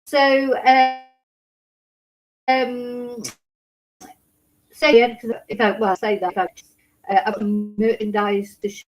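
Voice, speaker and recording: A woman's voice: a little high, little pitch movement, slow, long pauses, muffled recording. Rambling woman hosting a livestream. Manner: rambling, emotional, restarts often. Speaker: true crime livestream host. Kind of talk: casual livestream chat. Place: home in Spain.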